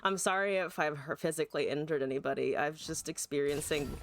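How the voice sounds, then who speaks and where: A woman's voice: low-pitched, fairly even intonation, fairly quick, few pauses, no echo. A woman streaming a card game live, talking through her plays, swearing and venting at her opponent with frequent laughs. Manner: salty, profane, exasperated outbursts at opponent; chatty, laughs often.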